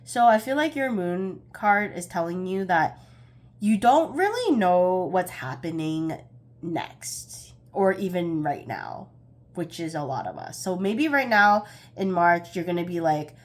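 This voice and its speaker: A woman's voice: lowish voice, very animated, measured pace. A young woman giving a casual pick-a-card tarot reading, chatty and a bit scattered, often laughing at herself.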